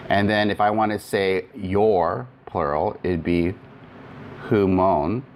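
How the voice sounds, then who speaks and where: A man's voice: deep voice, slow pace, slight background noise. A man teaching Greek grammar in a recorded lecture, explaining step by step with frequent fillers and restarts.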